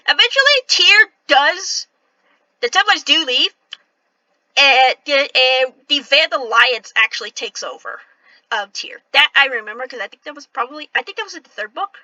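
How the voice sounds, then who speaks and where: A woman in her thirties chatting casually over a game, swearing, clearing her throat and apologizing along the way. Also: high voice, lively intonation, normal speed, bright, forceful tone, no room sound, lo-fi sound. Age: 30s. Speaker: let's play host. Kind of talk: casual gameplay commentary.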